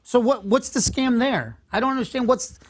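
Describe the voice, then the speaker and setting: A man's voice: extremely high pitch, normal speed. Chatty, laughing male show host. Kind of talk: casual chat.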